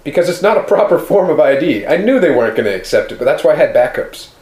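A man's voice: on the high side, very animated, fast talker, darkish tone. A man in his twenties co-hosting a podcast, telling stories in a playful, insistent way. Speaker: podcast co-host. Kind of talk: casual podcast banter. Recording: roomy studio.

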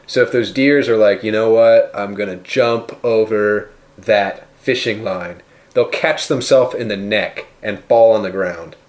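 A man's voice: on the low side, a little slow. A man co-hosting a casual comedy podcast, rambling and joking crudely, sometimes playing mock-offended. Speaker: podcast co-host.

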